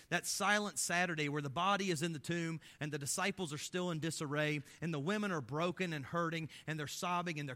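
A pastor preaches with passion, his voice a bit high with a sharp, bright edge, firing off rhetorical questions. His volume swells for emphasis, then drops into hushed, low passages.

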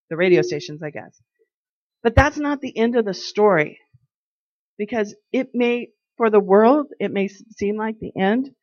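A medium-pitched woman speaks with no room sound in a dry, slightly dull recording. She's a devotional speaker giving a relaxed, chatty talk about faith, narrating everyday episodes and voicing the people she quotes.

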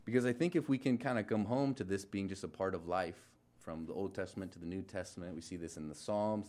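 Casual young male pastor, low-ish voice, informal sermon with lots of fillers and self-corrections. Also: darkish tone. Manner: informal, filler-heavy, many restarts and trailing asides.

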